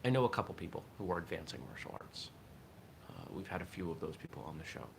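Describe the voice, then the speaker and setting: Low-pitched and gravelly, this man talks fast with big swings in pitch. He hosts a live martial arts morning show, musing aloud in a reflective, casual livestream style, and slight background noise is present.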